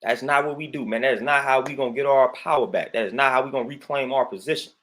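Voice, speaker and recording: Male livestream host on a repetitive, emphatic rant, peppered with "man" and shout-outs to chat. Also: mid-range voice, quick pace. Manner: greets viewers in chat between points.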